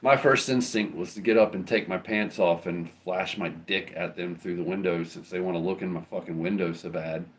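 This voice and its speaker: A man's voice: sits low, fairly even intonation, moderate pace, few pauses. A man hosting a livestream, telling long casual stories in a rambling, profane, conversational way. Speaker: livestream host. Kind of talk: casual storytelling to a live chat.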